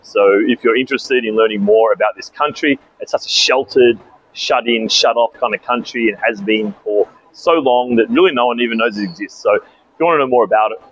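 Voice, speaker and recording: A man's voice: mid-range voice, a little fast, highs cut off, a little hiss or hum. A young Australian man casually telling a story to camera in a chatty vlog, outdoors at a bus station. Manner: chatty, animated retelling with asides. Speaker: vlogger.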